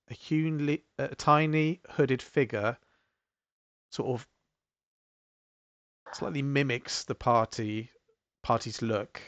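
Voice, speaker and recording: A man narrating a tabletop role-playing game as game master, unhurried and hesitant, with many fillers. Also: mid-range voice, no room sound.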